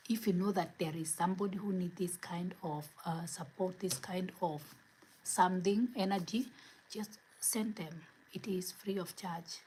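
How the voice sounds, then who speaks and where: A woman giving an earnest spiritual motivational talk as host, asking repeated rhetorical questions, her words often trailing into soft breathy whispers. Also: on the low side, fairly even intonation, a little slow, a little hiss or hum, rough recording.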